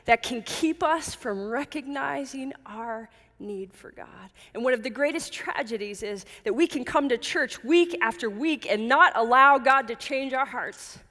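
Woman pastor, higher voice, earnest measured sermon delivery, church hall reverb. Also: sharp tone. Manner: earnest, measured, with emphatic repetition.

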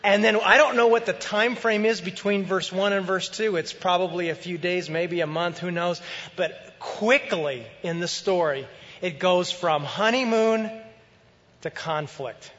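A man preaching a sermon as pastor, in a conversational, animated way. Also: sits high, unhurried, long reverb tail, muffled recording.

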